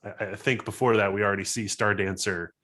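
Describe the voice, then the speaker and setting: A man playing a tabletop role-playing game, telling what his character does in an animated way. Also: lowish voice. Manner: animated, jumps into quick character voices. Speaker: player.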